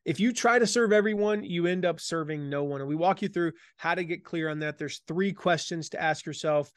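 Energetic higher-voiced man, dry close sound. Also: a little fast, no room sound. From Southern United States. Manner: energetic, emphatic, repeats key phrases. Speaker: author and guest. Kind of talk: conversational interview.

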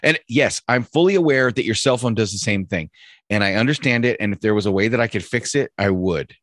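Man, very deep voice, dry close sound, crude animated podcast chat. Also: a little fast, dry recording. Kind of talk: casual chat.

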